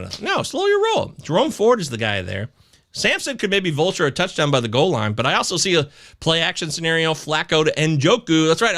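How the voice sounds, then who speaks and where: A man hosting a live fantasy football show, talking in a rambling, animated way and swearing when upset. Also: on the high side. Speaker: host.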